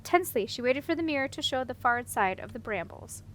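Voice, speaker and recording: Woman, audiobook narration, steady storytelling, high pitch. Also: a little fast, a little hiss or hum, poor audio. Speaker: audiobook reader.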